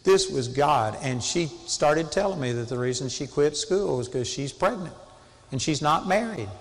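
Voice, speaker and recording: A male preacher with a slightly high voice delivers a sermon in an earnest, conversational manner. He climbs to sudden emphatic peaks when he drives a point home. His voice rings with a long reverb, as if he is speaking in a large hall. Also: animated, normal speed.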